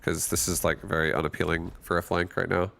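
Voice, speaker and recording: Gravelly low man calling his game. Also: flat delivery, fairly quick, a bit bright. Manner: talks himself through his moves. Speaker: gamer streaming. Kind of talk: live gameplay commentary.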